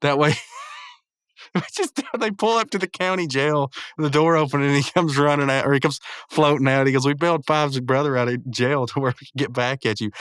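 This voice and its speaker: A show reviewer casually recaps and reviews a cartoon episode, laughing often while retelling, rambling and correcting himself as he goes. His mid-range voice is fairly quick and a bit bright, with a clear, resonant tone, clean studio sound and no room sound.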